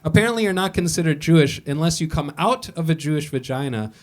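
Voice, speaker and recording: A young American man doing a stand-up set in a comedy club on a boat, wry and deadpan, laughing along with the crowd. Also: a little high, fast. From United States.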